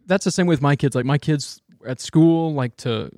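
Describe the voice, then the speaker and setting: Rambling storytelling dad, dry sound. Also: male voice, on the high side, moderate pace, a little mellow, no room sound. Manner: rambling storyteller, many fillers. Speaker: father of young kids. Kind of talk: casual chat.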